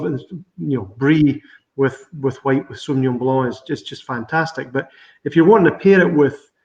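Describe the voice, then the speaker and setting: A middle-aged man with a Scottish accent, a winemaker chatting on a video call and telling stories with lively laughter. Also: on the high side. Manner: chatty, laughs often, animated storytelling. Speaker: winemaker guest. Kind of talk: virtual tasting interview. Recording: roomy, slightly dull video call audio.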